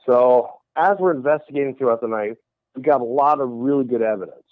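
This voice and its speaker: A man's voice: mid-range voice, a little fast, no echo. A man who is a paranormal investigator tells a story in a radio interview, acting out the other people's voices as he goes. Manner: animated storyteller who acts out quoted voices. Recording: tinny phone line, dry.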